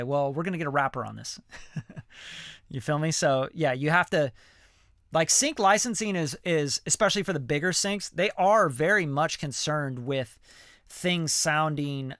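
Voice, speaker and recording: A man's voice: fairly high pitch, pushed and bright, no room sound, studio quality. A man, a music producer, answering viewer questions in a loose, slangy livestream chat full of fillers. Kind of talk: casual livestream Q&A.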